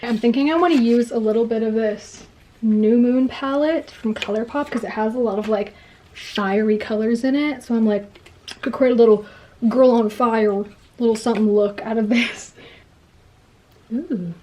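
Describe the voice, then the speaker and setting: Excitable young woman gushing about a book. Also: on the high side, moderate pace, a little hiss or hum. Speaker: book vlogger. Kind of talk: get-ready-with-me book chat. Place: home, doing makeup.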